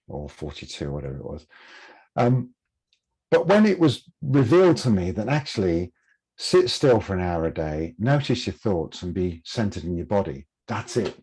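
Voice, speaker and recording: A man, a podcast guest, telling lively anecdotes in a casual interview and laughing at himself. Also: lowish voice, husky.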